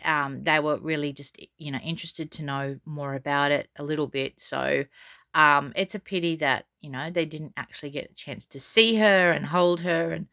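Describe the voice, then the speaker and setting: Low-voiced, bright, crisp woman vlogger. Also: no room sound, studio quality. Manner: chatty and rambling, many fillers and restarts; defiant, unbothered. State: frog in her throat. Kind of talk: casual storytelling vlog.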